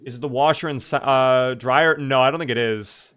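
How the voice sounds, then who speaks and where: A young man with a smooth, resonant voice talks loosely through a live gameplay stream. He chats with his viewers and reacts to what happens on screen in an easygoing way, at a middling pitch. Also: normal speed, a bit bright. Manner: chatty, talks to chat and reacts to the game. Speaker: game streamer.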